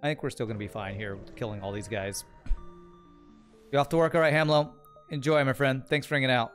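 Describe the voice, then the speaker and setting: A man's voice: medium pitch, fairly quick, a bit bright, soft background music. A man streaming a strategy game, chatting casually, thinking aloud and answering chat in a rambling way. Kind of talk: casual gameplay commentary, reading chat.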